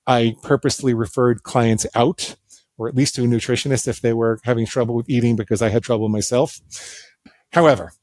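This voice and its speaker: A man's voice: medium pitch, no room sound. A middle-aged male psychologist, a guest on an interview show, telling stories with self-deprecating humor. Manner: animated, self-deprecating humor, acts out quoted voices. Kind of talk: conversational storytelling interview.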